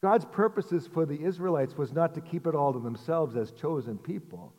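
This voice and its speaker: A middle-aged man preaching a sermon in a relaxed, conversational way, mixing jokes and rhetorical asides. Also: fairly high pitch, moderate pace. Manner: conversational, self-deprecating humor with rhetorical asides. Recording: long hall reverb.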